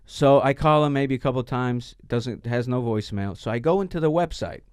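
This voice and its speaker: A man's voice: mid-range voice, fairly quick, clear, resonant tone, dry recording. A man telling a story in casual podcast chat, swearing often and stumbling over restarts. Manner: profane, animated, stammering restarts. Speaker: podcast guest.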